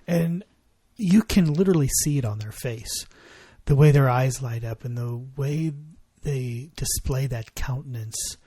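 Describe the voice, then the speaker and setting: Husky-voiced man talking earnestly. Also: mid-range voice, measured pace, hardly any pauses, mellow, no echo, studio quality. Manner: earnest, reflective. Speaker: podcast co-host. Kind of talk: casual chat.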